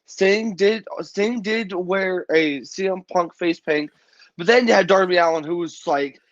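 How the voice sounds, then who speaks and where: A man's voice: high voice, measured pace, dry recording, highs cut off. A man co-hosting a casual sports talk show, chatty and stammering over his restarts. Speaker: co-host. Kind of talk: casual chat.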